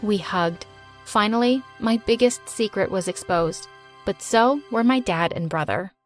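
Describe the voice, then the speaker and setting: A woman narrating a dramatic animated story in the first person. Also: medium pitch, a little slow. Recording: narration over faint music.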